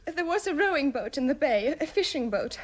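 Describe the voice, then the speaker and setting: A woman's voice: sits high, sing-song, fairly quick. An actress playing an upset young woman who blames herself and explains what happened. It is a radio drama. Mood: distraught. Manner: upset, confessional.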